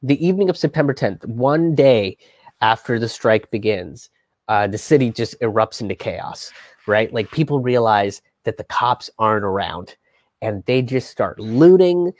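Expressive and darkish in tone, his mid-range voice runs at normal speed with no room sound. He's the host of a live history and politics show, telling the story in a loose, chatty style packed with fillers, restarts, swearing and acted-out quotes.

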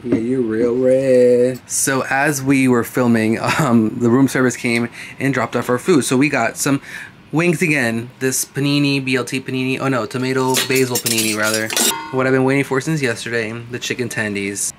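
A vlogger films a travel vlog in a cruise ship cabin and on its decks, chatting casually in an upbeat, playful way. His voice is medium-pitched and fairly bright, with a steady tone and normal speed. The recording is low quality with slight background noise.

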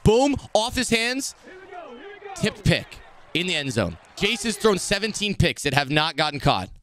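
A young man streaming a football video game, commenting live, swearing and swinging between muttered complaints and shouted reactions. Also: fairly high pitch, sing-song, normal speed. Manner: profane trash talk.

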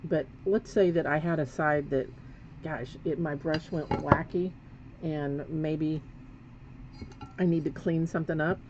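A woman's voice: low voice, fairly even intonation, a little slow. A woman giving a live painting demonstration, chatting as she works and correcting herself as she goes. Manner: chatty, talks while working, self-correcting. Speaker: painting instructor. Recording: dull lo-fi sound with faint background noise.

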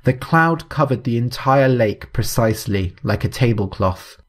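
A man reads a spooky story aloud in a measured, even style. His voice sits at a medium pitch and his pacing stays steady throughout. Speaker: narrator. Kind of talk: scripted story narration.

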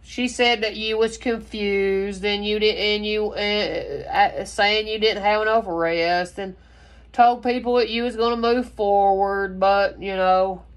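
A woman's voice: mid-range voice, fairly even intonation, a little slow, smooth. A woman reads tarot cards in a casual spoken style. She talks in long, rambling runs and drops curse words freely. Her delivery is blunt and emphatic. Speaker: tarot reader.

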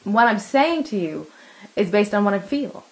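A woman from the San Francisco Bay Area, a pianist and music teacher, explaining practice to an interviewer in an expressive way and laughing often. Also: medium pitch, moderate pace, low-quality recording. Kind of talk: conversational explaining.

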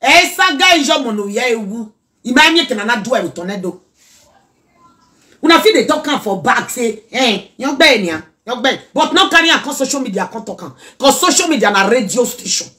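Nigerian woman, high bright voice, preachy Pidgin reaction rant, bursts into song. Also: brisk. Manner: animated, preachy, mixes Pidgin and local language, breaks into song.

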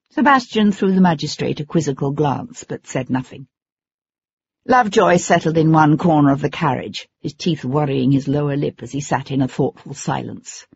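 An audiobook narrator reading in a measured, dramatic way, on a dull lo-fi recording. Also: mid-range voice, creaky, slightly rough, no room sound.

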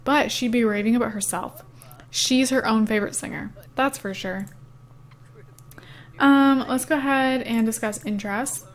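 A young woman with a fairly high voice chats through a let's-play of a simulation game. She is casual and giggly, filling her talk with "um" and "like". She comments easily on each move as she plays. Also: normal speed. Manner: chatty and giggly, with frequent "um" and "like". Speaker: gaming YouTuber.

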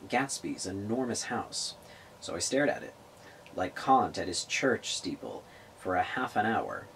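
A man's voice: fairly low pitch, slight background noise, rough recording. A man reading a novel aloud, stumbling over words and restarting lines. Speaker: reader of a novel on a public access show.

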